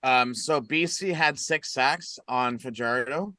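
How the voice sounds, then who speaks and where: A man's voice: medium pitch, slow, bright, forceful tone, dry recording. A man co-hosting a casual sports podcast, reading out game stats and adding short comments. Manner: reads out game stats, brief interjections. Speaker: podcast co-host.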